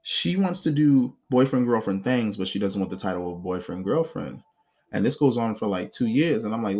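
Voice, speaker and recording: A man talking straight into his own podcast, recounting his life in a loose, unscripted monologue. He is blunt and swears freely. He stays animated throughout and acts out other people's words as he goes. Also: fairly low pitch, moderate pace. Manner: blunt, profane, animated retelling with acted quotes. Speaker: podcast host. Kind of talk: casual storytelling monologue.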